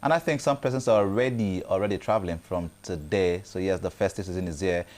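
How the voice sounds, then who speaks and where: A man co-hosting a morning show, welcoming viewers in relaxed casual chat and laughing along with his partner. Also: low-pitched, fast talker. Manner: relaxed, backchanneling with frequent laughs.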